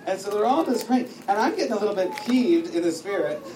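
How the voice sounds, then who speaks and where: A man with a high voice preaches a lively sermon, telling his story with humor and acting out the lines of others. He sounds far from the mic in an echoing hall, with clear noise underneath. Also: quick pace. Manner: storytelling with humor, acts out dialogue. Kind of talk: sermon teaching. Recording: echoey room, distant mic, noisy.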